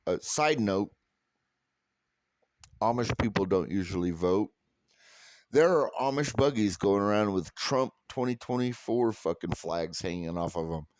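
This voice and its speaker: A man from California with a low voice rants through a story, heated and sarcastic and swearing at every turn. The sound is close and dry, with no room around it. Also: animated, measured pace, darkish tone, no room sound. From California, USA. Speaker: vlogger. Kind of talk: profane storytelling rant.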